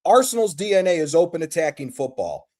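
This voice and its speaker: A man's voice: fairly high pitch, big pitch swings, brisk, darkish tone. An American man calling in to a live talk show, ranting with passion and plenty of swearing. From United States. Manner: passionate, profane, emphatic. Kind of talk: heated call-in rant.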